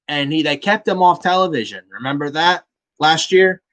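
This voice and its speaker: A man's voice: fairly high pitch, animated, normal speed, a bit bright. A man hosting a casual wrestling review, blunt and fond of swearing, with "man" tacked onto many lines. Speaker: podcast host.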